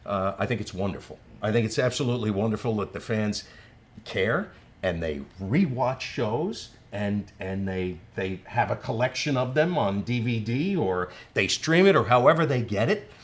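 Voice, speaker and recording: A man's voice: lowish voice, expressive, moderate pace. A man speaking appreciatively in an interview about fan letters and compliments. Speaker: actor. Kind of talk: interview talk.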